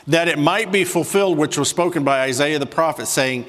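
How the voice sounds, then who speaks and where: A man preaches a sermon in a somewhat raised voice, slowing and softening for emphasis, then speeding into quick asides to the room. The sound carries a long reverb from the large church hall. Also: a little high. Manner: swings between soft slow emphasis and quick asides to the congregation. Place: church sanctuary with a congregation.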